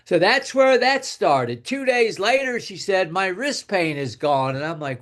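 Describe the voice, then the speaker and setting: A man's voice: high voice, lively intonation, unhurried, hardly any pauses, a bit bright. An older man telling a long personal story in a casual, rambling way, repeating words and dropping his voice for quoted asides. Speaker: guest speaker telling a testimonial.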